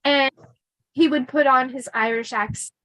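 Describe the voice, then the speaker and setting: A woman's voice: high voice, steady tone, normal speed, fairly bright tone, no echo, low-quality recording. A middle-aged woman telling stories from her life in a casual chat, laughing often and restarting sentences. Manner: chatty, laughing, many fillers and restarts. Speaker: podcast host telling her life story.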